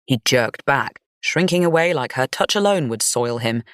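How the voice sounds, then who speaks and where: A woman's voice: very deep voice, animated, moderate pace, dry recording, clean studio sound. Woman narrating a gothic fantasy audiobook.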